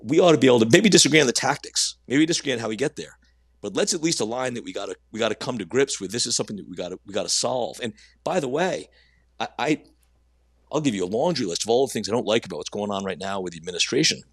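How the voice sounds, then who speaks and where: A man, a company CEO guest, giving earnest answers in conversation with frequent halting restarts. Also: medium pitch, lively intonation, husky, dry recording, studio quality.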